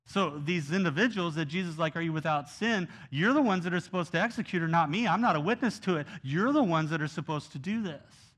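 Bright-voiced man preaching a sermon. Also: fairly high pitch, brisk, hardly any pauses. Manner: earnest preaching, swings from quiet to loud. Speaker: pastor.

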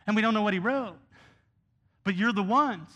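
A man preaching a sermon in an earnest way, going from quiet, soft passages to loud, pressing ones. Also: high voice, normal speed, dull audio. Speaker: pastor.

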